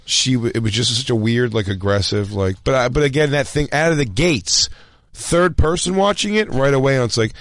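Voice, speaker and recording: A man's voice: mid-range voice, fairly quick, few pauses, fairly bright tone, dry recording, clean studio sound. A man hosting a casual podcast, telling crude, self-mocking stories in a rambling way. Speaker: podcast host.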